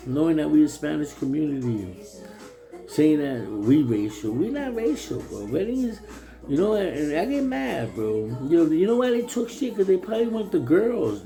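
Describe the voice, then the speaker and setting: In a rough recording, a slightly high, gravelly, warm-toned man from New York City delivers a casual, heated rant about his town, New City, repeating himself, stammering, and cursing as a local resident.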